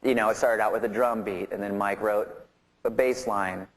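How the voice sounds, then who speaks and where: A man's voice: lowish voice, steady tone, moderate pace. A man who plays in a touring rock band, telling a rambling anecdote in an interview, laughing often and acting out the voices of the people in his story. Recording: interview clips with clear background noise.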